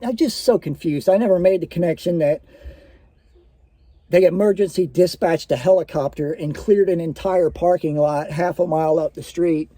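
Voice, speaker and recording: Mellow-voiced man telling a personal story. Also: fairly high pitch, steady tone, normal speed, no echo. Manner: rambling, conversational, many fillers.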